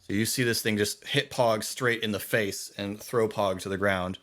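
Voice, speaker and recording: A man's voice: fairly low pitch, steady tone, moderate pace, fairly bright tone. A man narrating a tabletop game as dungeon master, often stopping to correct himself.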